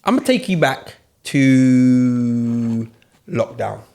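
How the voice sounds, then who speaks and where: A man, co-hosting a casual group chat and telling stories with animated, rising outbursts. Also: medium pitch, extremely slow, creaky. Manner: animated storyteller, laughs and raises his voice. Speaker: podcast co-host.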